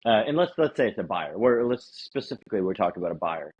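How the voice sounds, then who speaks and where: A man's voice: fairly low pitch, big pitch swings, fast talker, breathy edge. A man co-hosting a podcast, chatting casually about sales and acting out bits of sales dialogue. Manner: conversational, acts out sales dialogue. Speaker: podcast co-host. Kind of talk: casual sales-advice chat. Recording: dull lo-fi audio.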